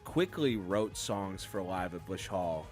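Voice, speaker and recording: A man's voice: deep voice, animated, takes it slowly, soft background music. A man co-hosting a casual album review, laid-back and rambling. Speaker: music review co-host. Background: album playing faintly.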